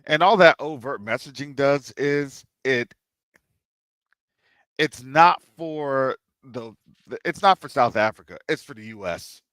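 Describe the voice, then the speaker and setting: A man's voice: mid-range voice, lively intonation, unhurried, a bit bright, dry recording. A man hosting a discussion show, giving political commentary with a run of rhetorical questions. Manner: rhetorical, repeats questions, drops into asides. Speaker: show host.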